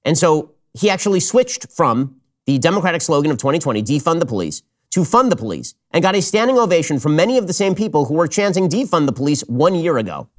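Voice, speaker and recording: Male host, sarcastic commentary, lively pitch that swings a lot, a bit on the high side. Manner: sarcastic, mocking, rapid-fire commentary. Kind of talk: political commentary.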